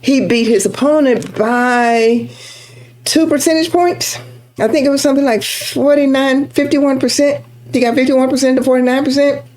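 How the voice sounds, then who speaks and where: Texan woman, political commentator to camera, higher voice, chatty and emphatic. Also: steady tone, normal speed, a little mellow. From Texas. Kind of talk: casual political talk to camera.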